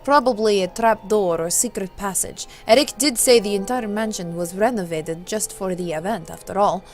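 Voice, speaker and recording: A woman doing a composed nobleman count who speaks in measured, matter-of-fact tones. He sounds like a steady leader in a spooky visual novel, with faint music playing behind. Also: medium pitch, natural voice. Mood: calm, steady. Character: composed formal male count, calm leader. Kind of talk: reading a visual novel aloud.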